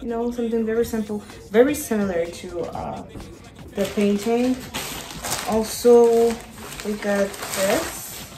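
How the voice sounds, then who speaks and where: A woman talks slowly and casually to her viewers, stopping often with fillers as she hunts for words. Her voice rings in an echoey room. Music plays clearly behind her. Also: fairly high pitch, steady tone. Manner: chatty, searches for words, many fillers. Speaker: art vlogger. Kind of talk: casual vlog chat to camera. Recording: roomy echo with background music. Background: music playing.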